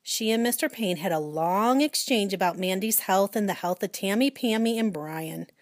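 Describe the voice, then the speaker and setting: A woman's voice: mid-range voice, moderate pace, dry recording, clean studio sound. Woman reading a storybook aloud. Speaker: audiobook reader. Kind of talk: storybook narration.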